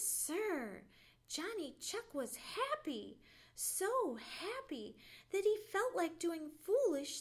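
A woman librarian reading a bedtime story aloud with expressive storytelling. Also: very high voice. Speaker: children's librarian.

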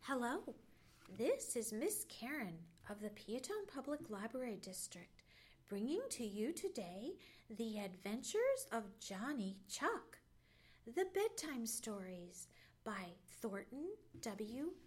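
A woman librarian reading a bedtime story aloud with expressive storytelling. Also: a little high, slow. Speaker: children's librarian.

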